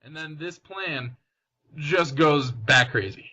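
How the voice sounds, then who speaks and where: Brief: young male host, fairly high and bright voice, chatty and quick to summarize. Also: animated, muffled recording. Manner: chatty, summarizes plot, frequent restarts. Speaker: podcast host. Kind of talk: casual film discussion.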